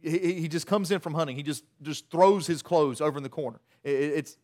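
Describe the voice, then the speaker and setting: A man delivering a sermon in a loose, joking storytelling manner. His voice sits a little on the high side for a man, and he stumbles and restarts often as he talks. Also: fast, a little mellow. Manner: conversational, humorous storytelling with many restarts. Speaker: preacher. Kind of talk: sermon retelling a Bible story.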